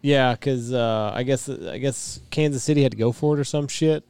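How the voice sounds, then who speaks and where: A man with a mid-range voice chats casually while watching a football game. He makes relaxed play-by-play remarks and swears freely. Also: medium pitch, normal speed, clear, resonant tone, dry recording.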